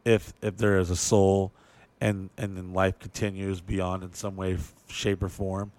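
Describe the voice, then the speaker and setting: Low-pitched and darkish in tone, this man delivers his podcast talk flatly and without hurry, on a dry recording. He hosts in a casual, rambling way, heavy on profanity and emphatic about driving his points home.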